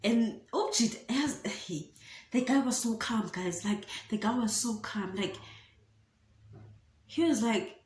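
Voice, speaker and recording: A woman's voice: on the high side, slow pace, pauses often, slight background noise. A young woman from South Africa with a South African accent, telling a dramatic story in a casual storytime vlog. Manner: animated, dramatic, mixes in Zulu phrases. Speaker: YouTuber. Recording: echoey room.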